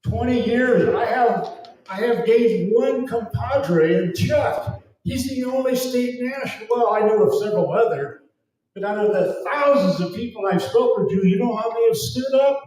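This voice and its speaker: An event speaker with an extremely high, slightly mellow voice lectures at a moderate pace, sounding fervent, emphatic, and somewhat preachy. The distant mic picks him up in a very echoey event hall.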